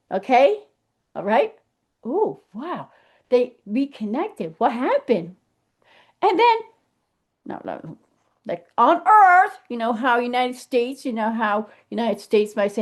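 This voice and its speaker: A woman talking casually to camera in an animated, emphatic way, thinking aloud and restarting her sentences as she goes. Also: sits high. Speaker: vlogger. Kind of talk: casual rambling monologue.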